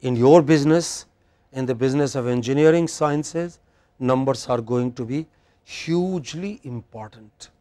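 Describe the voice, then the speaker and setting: A man's voice: mid-range voice, warm tone. A man with an Indian English accent leads a pronunciation drill in a university classroom. He is demanding and exacting, and he corrects each slip and drags the word out so the class can echo it back. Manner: demanding, corrects and repeats words slowly.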